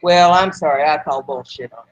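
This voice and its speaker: A woman's voice: sits low, normal speed, rough recording. A woman co-hosting a talk show, speaking in an indignant, emphatic way. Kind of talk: casual political talk.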